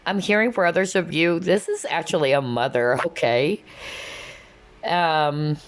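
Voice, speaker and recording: A woman's voice: low voice, unhurried, clean tone. A woman giving a casual, chatty tarot reading, often checking in with "okay?" and "you know". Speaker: tarot reader.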